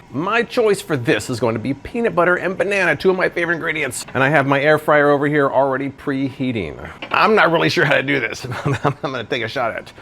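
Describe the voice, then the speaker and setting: In this casual cooking review vlog, a man tests kitchen gadgets at home, musing out loud while he cooks. He speaks on the high side with a somewhat bright tone, and there's slight background noise.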